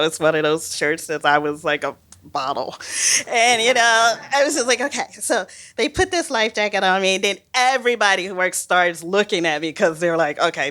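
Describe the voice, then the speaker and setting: A woman biologist telling a personal story on stage, animated and self-mocking, laughing often. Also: fairly low pitch.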